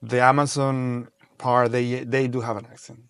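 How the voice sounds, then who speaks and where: A man's voice: medium pitch, flat delivery, moderate pace, clear, resonant tone, dry recording. A man from Cusco, Peru, with a Peruvian accent, who hosts a casual interview in a playful way and mixes English and Spanish. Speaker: interview host.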